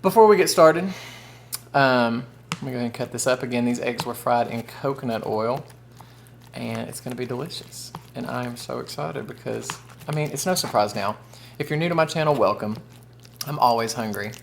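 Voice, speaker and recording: A man's voice: medium pitch, fairly quick, gravelly, slight background noise. A man who chats casually and folksily with viewers while eating on camera. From Southern United States. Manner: chatty, folksy, addresses viewers as y'all and honey. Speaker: food vlogger. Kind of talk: casual mukbang chat.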